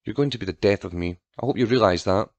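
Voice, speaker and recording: A man voicing a shrill, selfish mother who barks orders and scolds. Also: fast talker, no echo, dull audio, lightly acted. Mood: scolding.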